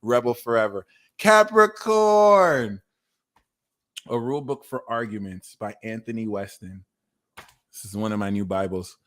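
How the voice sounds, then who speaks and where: A man in his thirties giving a livestream tarot reading, talking in a blunt, animated way and swearing freely. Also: lowish voice, normal speed. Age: 30s. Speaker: tarot reader.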